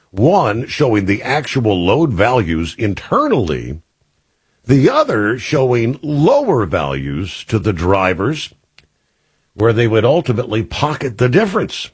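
A man's voice: medium pitch, breathy edge, no room sound. A man hosting a talk radio show, reading news items and adding opinionated, conversational asides with frequent "uh" fillers.

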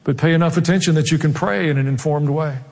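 A man's voice: fairly high pitch, fast talker, gravelly, darkish tone, in a large hall. A man with a Southern US accent, preaching a sermon as a pastor in an earnest, emphatic manner.

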